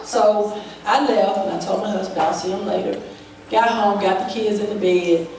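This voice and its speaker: A woman's voice: mid-range voice, steady tone, normal speed, a little mellow. Woman testifying in an echoey church. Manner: vivid storyteller, acts out the dialogue. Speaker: church member giving testimony. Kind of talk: personal testimony at a church service. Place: church sanctuary. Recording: very echoey hall, voice from far off, faint noise.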